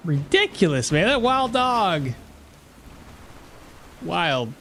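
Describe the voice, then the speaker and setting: A man with a high voice gives loose, joking commentary while he plays a game. He laughs often and wanders into rambling asides to his viewers, with faint game music underneath. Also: big pitch swings, slow, fairly bright tone. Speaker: game streamer. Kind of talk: casual live gameplay commentary.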